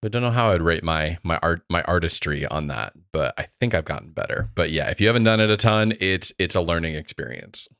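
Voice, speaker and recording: A man co-hosting a casual podcast, his voice very low and smooth. The sound is dry and close, with no room echo, and he delivers his lines with wry, deadpan humor. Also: brisk, few pauses. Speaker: guest co-host.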